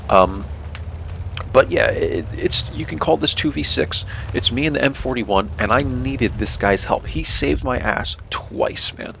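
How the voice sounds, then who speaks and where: A man's voice: mid-range voice, animated, unhurried, vocal fry, a bit bright, a little hiss or hum. A young man with a North American accent, casually talking through his own tank game, explaining tactics with lots of "um", "right?" and "man". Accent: North American English. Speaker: gameplay commentator. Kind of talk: casual gameplay commentary.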